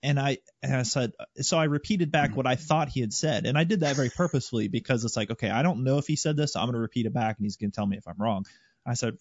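A man's voice: mid-range voice, fast talker, no room sound. A man, a former helicopter pilot, casually recounting a flight story step by step to his old crew. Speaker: former Apache pilot, guest. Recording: dull lo-fi podcast audio.

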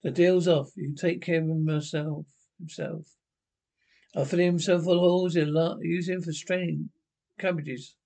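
An actor playing a scheming, swaggering outlaw gunman in a 1960s comedy film, talking in a gruff, threatening way. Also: fairly high pitch, little pitch movement, moderate pace, dark tone. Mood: scornful.

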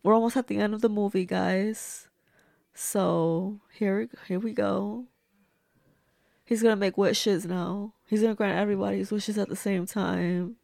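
A woman gives a casual movie reaction, talking back at the screen with blunt, gushing remarks. Her voice is gravelly and she takes her time over each comment. The recording is close and dry. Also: medium pitch, fairly even intonation, unhurried, darkish tone, dry recording. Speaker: movie reviewer.

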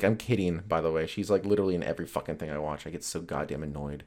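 Male podcast host, deep voice, rambling, foul-mouthed, jokey. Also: steady tone, fast talker, a little mellow. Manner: rambling, profane, joking. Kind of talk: casual solo podcast chat.

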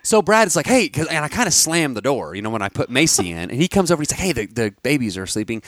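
A man's voice: on the high side, fast talker, dry recording. A man in his thirties co-hosting a podcast, telling a long story in a casual chat with frequent restarts. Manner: animated storyteller, restarts and laughs, bursts into shouts. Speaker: podcast co-host.

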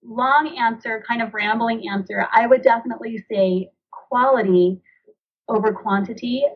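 Woman, thirties, husky voice, earnest rambling chat, dull lo-fi sound. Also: a little high, moderate pace. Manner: earnest, rambling, acts out dialogue. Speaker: podcast guest, author and mother. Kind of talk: conversational interview.

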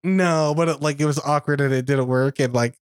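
A man's voice: fairly high pitch, steady tone, brisk, smooth, no room sound, clean studio sound. A young man co-hosting a podcast, recalling his own antics in an easygoing, self-mocking way. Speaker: podcast co-host. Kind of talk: casual chat.

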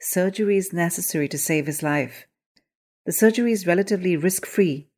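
A woman voicing a calm male doctor in a story reading, speaking in a firm, measured way. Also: fairly low pitch, natural voice.

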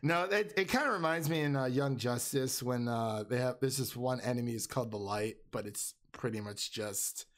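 A man's voice: medium pitch, normal speed, few pauses, a bit bright. A man co-hosting a casual movie review podcast, laughing often and restarting his sentences. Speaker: podcast co-host.

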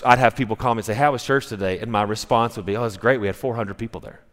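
A man's voice: on the low side, rapid-fire, a bit bright. A male pastor preaching a sermon, telling stories in a conversational way with frequent restarts. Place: church sanctuary. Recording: long reverb of a church hall.

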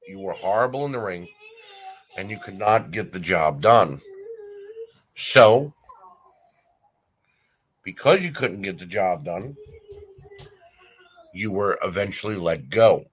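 A man's voice: low voice, animated, slow pace, long pauses, slight background noise. A man hosting a wrestling talk show, delivering a blunt, heated opinion rant with frequent fillers and restarts. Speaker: wrestling podcast host.

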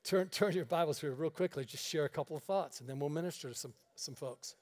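A man's voice: fairly high pitch, fast, a little mellow. A male pastor preaching a storytelling sermon to a congregation, folksy and joking, acting out the dialogue. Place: church meeting room.

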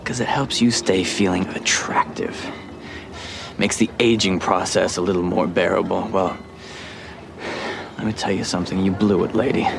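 A man's voice: low voice, steady tone, normal speed, long pauses. An actor playing a cocky, bitter teenage boy in a TV drama, his lines sneering and cutting. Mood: scornful. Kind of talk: TV drama acting. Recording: TV clip with clear background noise.

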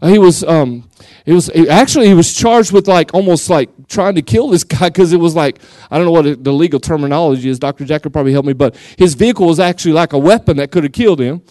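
Male pastor, West Texas accent, high pitch, playful preaching, dry sound. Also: fast, no room sound. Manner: animated, jokey, laughs often, acts out quotes. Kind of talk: lively sermon.

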